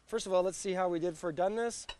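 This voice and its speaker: Man, barbecue chef, cooking demo, halting, repeats himself, higher voice. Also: mellow, a little hiss or hum. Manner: halting, repeats words, restarts. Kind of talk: cooking demonstration chat.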